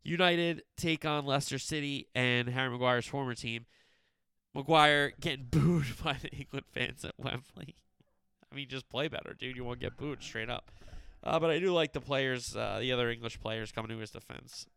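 A man's voice: medium pitch, normal speed, creaky, fairly bright tone, smooth, no echo, studio quality. A young man hosting a sports show, chatting casually through upcoming matches with loose, opinionated, slangy asides. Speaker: sports podcast host. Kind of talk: casual sports preview chat.

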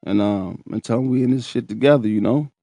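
A man telling his own story in casual, profane, animated talk, laughing and breaking into high shouts. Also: brisk, vocal fry, no echo.

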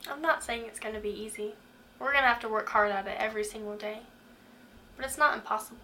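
Earnest woman with a bright voice. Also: fairly high pitch, quick pace, slight background noise. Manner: earnest, asks the listener direct questions. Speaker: Christian speaker. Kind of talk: faith-based motivational talk.

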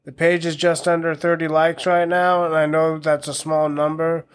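A man's voice: a little high, flat delivery, moderate pace, clean tone. A man of around thirty hosting a casual solo podcast, talking in a wry, self-mocking way with crude jokes. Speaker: podcast host.

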